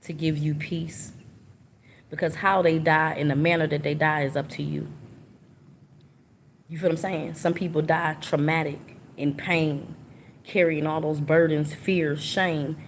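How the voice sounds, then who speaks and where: Woman, low voice, earnest and informal tarot reader channeling spirit messages live, faint hiss behind. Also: flat delivery, moderate pace. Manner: earnest, repetitive, emotional, informal speech.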